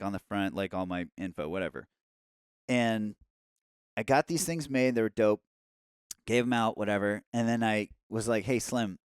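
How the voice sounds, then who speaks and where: A man's voice: lowish voice, smooth, dry recording, clean studio sound. A man, a podcast guest, telling a casual story in a rambling, profane way, full of "like" and "you know". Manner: profane, rambling, heavy with fillers.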